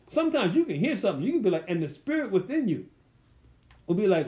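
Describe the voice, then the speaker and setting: A man with a high-pitched voice takes his listeners verse by verse through a Bible study. He talks in a loose, colloquial way and keeps putting rhetorical questions to them. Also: very animated, moderate pace, long pauses, a little mellow. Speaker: Bible teacher.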